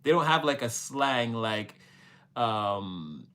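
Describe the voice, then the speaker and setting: A man's voice: mid-range voice, very animated, slow pace, fairly bright tone. A man giving a casual, rambling tarot reading, full of fillers, laughs and playful quoted voices. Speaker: tarot reader.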